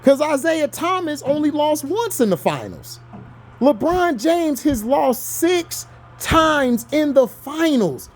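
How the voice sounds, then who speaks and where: A man's voice: very high-pitched, sing-song, slow pace. A man from Florida in the US, ranting heatedly about sports to his viewers, argumentative and scolding. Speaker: vlogger. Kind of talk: sports rant to camera.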